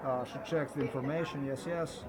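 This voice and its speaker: A man's voice: medium pitch, fairly even intonation, brisk, heavy background noise. An older man, giving rambling personal commentary that repeats and digresses. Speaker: vlogger.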